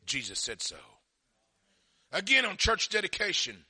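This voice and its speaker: A middle-aged man preaching a sermon, telling folksy stories and swinging from quiet asides to shouted fervor. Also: high voice, wildly swooping pitch, a little slow, breathy edge.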